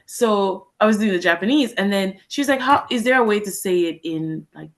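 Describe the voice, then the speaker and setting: A woman's voice: mid-range voice, expressive, fairly quick. A young adult woman with a Jamaican accent, a guest English teacher telling stories in a chatty way. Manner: chatty, laughing storyteller. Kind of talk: casual chat.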